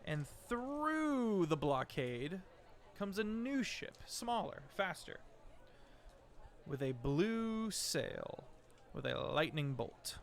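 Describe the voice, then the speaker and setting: A man narrating as game master in a tabletop role-play, with halting restarts. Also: on the high side, sing-song, gravelly.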